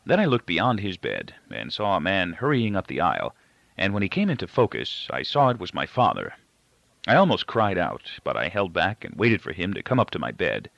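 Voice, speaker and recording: Gravelly man reading a novel aloud. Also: sits low, dry recording. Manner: measured, expressive first-person reading. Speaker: audiobook reader. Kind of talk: novel narration. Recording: dull, dry lo-fi recording.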